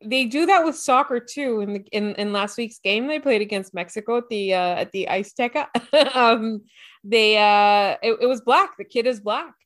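A woman with a fairly high voice talking casually on a sports podcast. She is chatty and easygoing, with small stumbles and fillers as she thinks aloud. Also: normal speed. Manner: chatty, easygoing, some hesitations. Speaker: podcast co-host.

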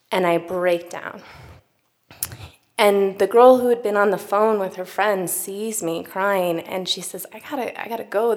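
A young woman telling a personal story on stage, chatty, with many "like"s, acting out what she and others said. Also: on the low side. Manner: chatty, lots of "like", quoting herself.

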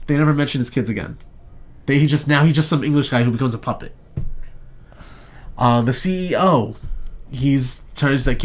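A man's voice: mid-range voice, normal speed. A young man casually recapping a movie in a chat, rambling and profane, briefly acting out the characters' lines. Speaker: podcast co-host reviewing a movie.

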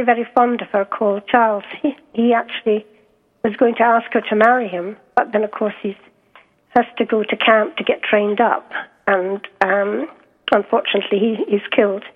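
Scottish woman author, hesitant phone guest, fairly high voice, thin line. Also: steady tone, moderate pace, phone-quality sound. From Scotland. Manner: hesitant, many ums and restarts. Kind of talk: interview over the phone.

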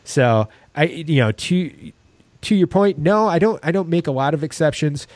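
A man's voice: fairly high pitch, expressive, moderate pace, a little mellow, no room sound. A man co-hosting a casual sports podcast, talking in a rambling way with many restarts. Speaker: podcast co-host.

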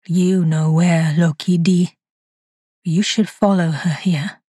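A woman voicing a dead man's ghostly voice on the phone, slow, low and menacing. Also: fairly even intonation, warm tone, breathy edge, no echo, studio quality. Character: ghostly dead man on a crackling phone line.

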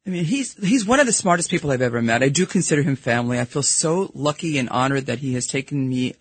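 A middle-aged woman with a Brooklyn accent, a guest in a radio studio, talking candidly and emphatically in quick bursts. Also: rumbling low, animated, husky, dry recording. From New York. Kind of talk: casual studio interview.

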